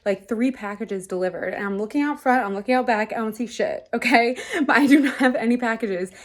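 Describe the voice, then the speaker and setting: A young woman in her twenties chatting casually to camera for her vlog, filling her talk with "like". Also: fairly high pitch. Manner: chatty, says "like" constantly. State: out of breath. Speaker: vlogger.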